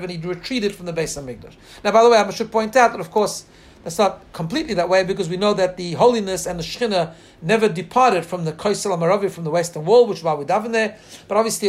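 A man teaching a Torah text, reading Hebrew lines and translating them earnestly, slowing down to stress the text. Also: sits high. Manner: slows and lifts his voice when reading lines.

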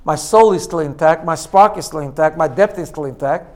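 Here a teacher speaks fairly quickly in a somewhat high, slightly mellow male voice. His self-growth lesson unfolds step by step, peppered with "right?" checks and phrases he says again.

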